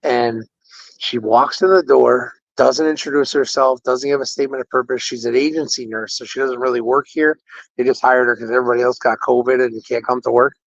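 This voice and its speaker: A man casually telling an animated, indignant story about a care-facility visit, quoting the people involved. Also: medium pitch, fairly quick, no room sound. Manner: animated, indignant retelling with quoted dialogue. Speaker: podcast host. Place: patient room in a care facility. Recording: dull, dry lo-fi audio.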